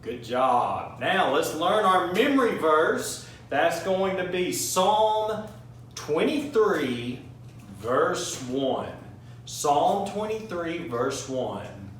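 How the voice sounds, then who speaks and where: A man leading a children's Bible class, singing songs and having the kids repeat a verse after him in a slow, encouraging way. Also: a little high, lively intonation, a bit bright, slight background noise. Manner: slow, encouraging, leads call-and-response. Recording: roomy echo from a distance with faint music.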